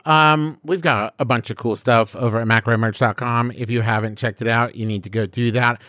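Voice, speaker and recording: A man with a mid-pitched voice reads quick podcast announcements in an easygoing way and tosses in dry wisecracks. The sound is close and dry. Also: fairly even intonation, bright, forceful tone, dry recording. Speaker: podcast co-host.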